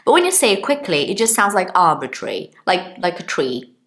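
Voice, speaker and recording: A woman's voice: mid-range voice, huge pitch swings, a little fast, fairly bright tone. A woman in her thirties giving a casual online English lesson, chatting to her viewers, explaining words with everyday examples and checking in with them. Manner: chatty, explains with examples, asks listeners questions. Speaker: English teacher.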